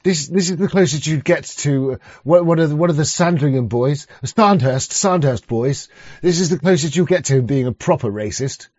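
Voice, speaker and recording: A man's voice: a little high, animated, moderate pace, darkish tone, no room sound, dull audio. A man streaming, commenting sarcastically on clips with crude jokes and lots of stammered restarts. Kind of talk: casual mocking commentary.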